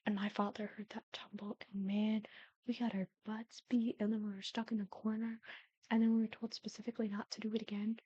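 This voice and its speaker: Young woman, casual storytelling, breathy, often whispered, dull dry recording. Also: medium pitch, flat delivery, brisk, dark tone, dry recording. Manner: chatty, often drops to a whisper. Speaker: Sims builder and storyteller. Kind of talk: casual storytelling over gameplay.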